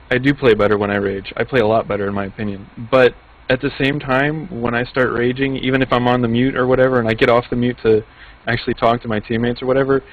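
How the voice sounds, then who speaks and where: A man in casual chat, speaking slowly with drawn-out phrasing. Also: medium pitch, muffled recording.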